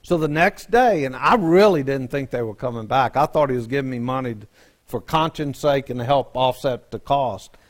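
A man's voice: mid-range voice, moderate pace. A man, a pastor telling a joking, folksy story in a sermon.

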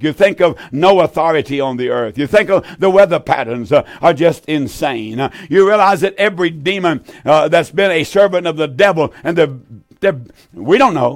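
A man's voice: on the high side, no echo, clean studio sound. An eighty-year-old man preaching on television in a fervent, folksy way, repeating key lines and drawing words out for emphasis. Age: 80s. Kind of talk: sermon with call-in appeal.

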